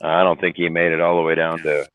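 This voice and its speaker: Low-voiced and completely flat in delivery, this exhausted man talks fast while hosting a casual livestream, rambling and laughing at his own jokes. The phone-like audio is tinny, with no room sound.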